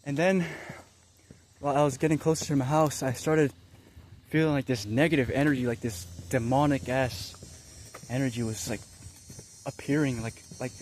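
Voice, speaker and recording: A young man recounts a spiritual experience in a loose, casual way, excited and rambling, with lots of fillers and slang. His voice sits at an ordinary middle pitch, with a faint hiss of background noise behind him. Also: normal speed, long pauses. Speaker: vlogger.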